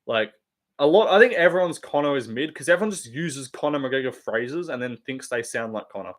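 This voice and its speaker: A man's voice: mid-range voice, expressive, a little fast, a bit bright. A man with an Australian accent hosting a casual live stream, rambling and swearing through blunt opinions.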